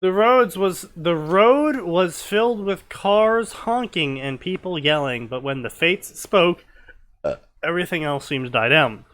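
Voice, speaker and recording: A man's voice: sits high, expressive, unhurried, fairly bright tone. A young man reading fanfiction aloud with sarcastic comic commentary, mocking the story as he goes. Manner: sarcastic, mocking, breaks into laughter. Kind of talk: comedic dramatic reading with commentary.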